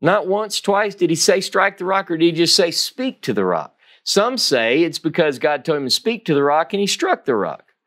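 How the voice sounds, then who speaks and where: A man's voice: fairly high pitch, animated, brisk, a bit bright. A man giving a Torah teaching, reading scripture dramatically and stressing key phrases by repeating them. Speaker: Bible teacher.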